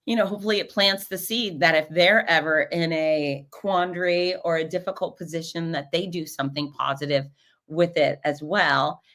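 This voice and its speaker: A woman hosting a show, telling stories in a casual, animated way and acting out the voices of the people in them. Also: low voice, normal speed. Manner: animated, acts out quoted voices. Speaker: podcast host and race announcer. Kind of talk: casual storytelling recap.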